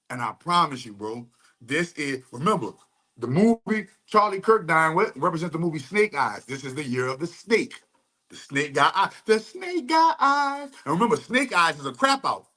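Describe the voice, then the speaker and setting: A man's voice: high voice, pushed and bright. A young adult man giving heated, rambling commentary full of profane street slang. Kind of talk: ranting commentary.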